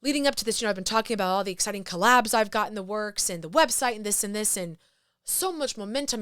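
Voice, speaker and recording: A woman's voice: mid-range voice, expressive, fast, a bit bright, clean tone, no echo, clean studio sound. A woman hosting her podcast, talking through grief in an emotional, heartfelt way, sighing and restarting her sentences. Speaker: podcast host. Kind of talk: personal reflective monologue.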